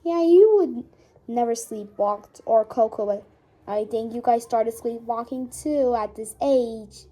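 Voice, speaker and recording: A woman's voice: on the high side, unhurried, warm tone. A woman voicing a patient toy-family mom. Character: calm caring mother of a toy animal family. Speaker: toy storyteller voicing all the figures.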